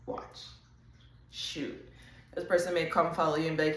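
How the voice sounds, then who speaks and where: A woman hosting a casual intuitive reading, talking straight to viewers in a chatty, animated way with quick asides. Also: low-pitched, roomy sound. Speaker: host.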